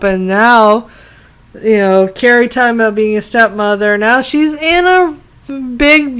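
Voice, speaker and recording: A woman's voice: on the high side, clear, resonant tone. A woman giving a casual ranting review of a TV episode, exasperated, sarcastic and profane, rambling with lots of fillers.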